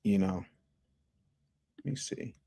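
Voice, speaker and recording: A man's voice: low voice, takes it slowly, creaky, mellow, breathy edge. A man hosting a casual livestream, talking to his chat in slang and reading out super chats from his office. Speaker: livestream host.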